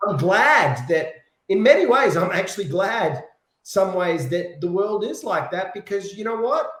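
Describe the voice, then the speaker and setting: A man talks casually and with animation as an interview guest, often repeating words while he thinks. His voice sits a little high for a man. The recording has a noticeable room echo. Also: sing-song, a little slow, a bit bright. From Australia. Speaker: guest, pop singer. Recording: echoey room.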